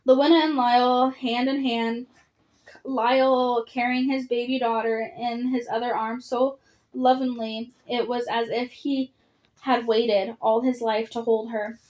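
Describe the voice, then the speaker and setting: A woman reading a children's novel aloud in first-person narration, even and measured. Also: a little high, dull audio. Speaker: audiobook reader.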